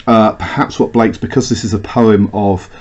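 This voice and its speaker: A male English teacher talks his class through a poem in a recorded lesson, with a fairly low voice. He pauses often on "uh" fillers and restarts his sentences as he explains. The sound is dull and lo-fi. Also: steady tone, a little mellow. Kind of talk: recorded lecture.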